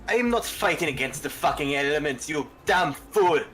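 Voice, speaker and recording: A man's voice: fairly high pitch, expressive, moderate pace, fairly bright tone, faint music behind. A man playing a tabletop game, arguing angrily in character. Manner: angry, growling. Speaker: player.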